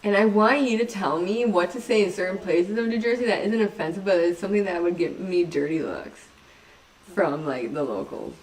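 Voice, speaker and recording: A woman chatting casually on a livestream, wandering between thoughts and breaking into giggles as she teases herself. Her pitch sits at an ordinary middle height. She sounds a little removed from the microphone, as if sitting back from it. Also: a little fast, recorded from a distance. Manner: giggly, rambling, self-mocking. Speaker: livestream host.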